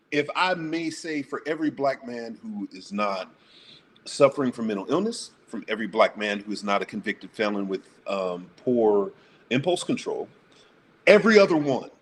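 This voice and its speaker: A man's voice: medium pitch, slight background noise. A blunt, profane man speaking emphatically as a guest on a casual panel talk show.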